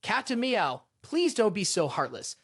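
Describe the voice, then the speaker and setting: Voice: medium pitch, sing-song, unhurried, a bit bright, slightly rough, no room sound, studio quality, exaggerated voice. A narrator voicing a cheeky, scheming young male detective who talks in a teasing, wheedling way.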